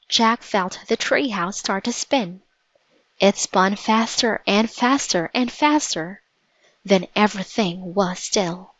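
Slow, measured woman reading a storybook. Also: medium pitch, fairly bright tone, no echo, poor audio. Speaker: narrator. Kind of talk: storybook narration.

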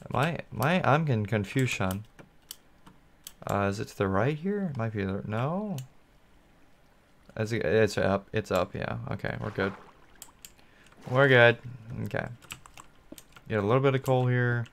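Smooth-voiced man rambling over gameplay. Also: lowish voice. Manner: rambling, thinks aloud, talks to viewers. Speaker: gaming channel host. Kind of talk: solo gameplay commentary.

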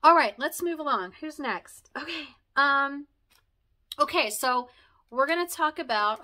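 A woman in her forties reminiscing casually and emotionally to camera, talking fast and stumbling over her words. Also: high-pitched, animated, pushed and bright. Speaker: vlogger thanking friends.

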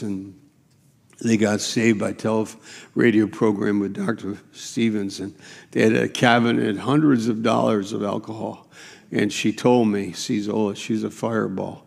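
A man's voice: on the low side, gravelly, in a large hall. A man preaching a sermon as pastor, with emphatic, repetitive preaching in a church sanctuary.

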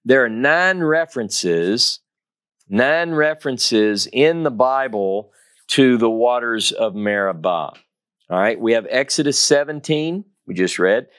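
A man's voice: mid-range voice, animated, slow pace, fairly bright tone. A man giving a Torah teaching, reading scripture dramatically and stressing key phrases by repeating them. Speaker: Bible teacher.

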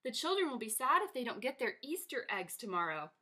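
A woman's voice: fairly high pitch, sing-song, a little fast, bright, forceful tone, full character voice. A woman voicing an anxious little male mole who frets, in a storybook read-aloud. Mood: nervous. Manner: nervous, fretting.

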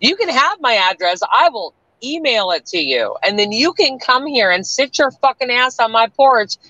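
A woman's voice: on the high side, sing-song, moderate pace, pushed and bright, dry recording, muffled recording. A woman from the US South with a Canadian-tinged accent, talking bluntly and with plenty of swearing as a guest on a livestream. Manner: blunt, profane, defiant. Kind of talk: livestream chat.

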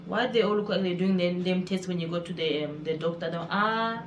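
A woman hosting a casual music video reaction, chatty and excitable, exclaiming often. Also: on the low side, fairly quick. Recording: echoey room with music behind.

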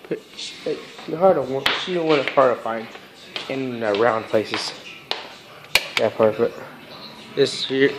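Slow-talking young man rambling. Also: mid-range voice, background noise. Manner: rambling and halting, with many fillers and broken sentences; soft, coaxing talk to pets. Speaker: vlogger. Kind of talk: casual chat to camera with his cats.

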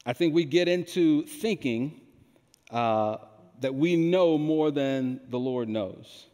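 A man preaching a sermon, slow and emphatic, drawing answers from the congregation with questions. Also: mid-range voice, dark tone. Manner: slow, emphatic delivery with call-and-response questions. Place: large church hall. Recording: long hall reverb.

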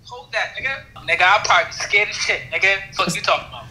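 A man's voice: high-pitched, lively intonation, fast talker, pushed and bright, rough recording. A young man in a casual video chat, brash, joking and full of slang. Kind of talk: casual chat and freestyle rap.

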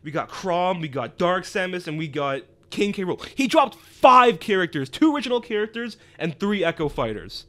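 A young man reacting live to a video announcement, excitable and prone to shouting in disbelief. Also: high-pitched, moderate pace, few pauses. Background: music from the video.

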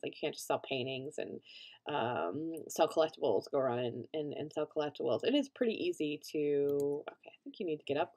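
With a deep, darkish voice, a woman gamer casually narrates her own let's play. She rambles, leans on fillers and restarts, and bursts into panicked shrieks and laughter.

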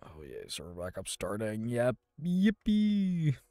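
A man's voice: low voice, expressive, normal speed, darkish tone, no room sound, clean studio sound. A man hosting his gaming channel, giving live gameplay commentary in an exasperated, self-talking way with mild cursing.

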